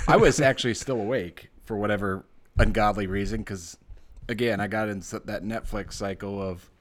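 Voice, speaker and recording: A man's voice: on the low side, moderate pace, fairly bright tone. A man co-hosting a podcast in casual chat, rambling and sarcastic, with lots of fillers and self-deprecating jokes. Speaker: podcast co-host.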